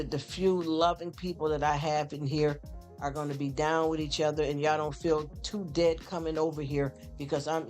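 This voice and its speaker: A man's voice: fairly high pitch, darkish tone. Rambling man chatting on a live stream. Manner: rambling and heartfelt, often stammers and repeats words; talks straight to chatters, calls them honey and y'all. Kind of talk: casual live-stream chat with viewers. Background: faint background music.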